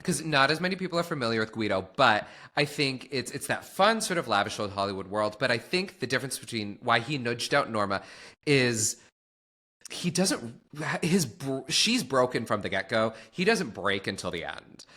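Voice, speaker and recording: A man co-hosts a casual podcast, his voice bright and ringing. He talks in an animated, chatty way, tumbling through restarts and fillers as he goes. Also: mid-range voice, normal speed. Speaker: podcast co-host. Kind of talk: casual chat.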